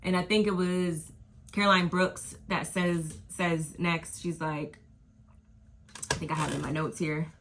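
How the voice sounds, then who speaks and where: A woman vlogger talks through a reality show episode in a loose, gossipy way, tossing in slang as she goes. Her voice sits a little low yet comes across bright and forceful. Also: steady tone, measured pace, a little hiss or hum. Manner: gossipy, slangy, drifts into quoting people. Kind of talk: casual chatty episode recap.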